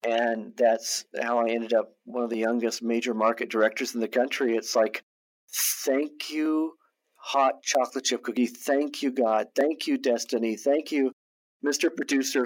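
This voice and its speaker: Man telling a story with animated restarts. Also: mid-range voice. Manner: animated anecdote-teller who restarts and repeats words. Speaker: guest, TV producer and director. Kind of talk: casual storytelling in a podcast interview.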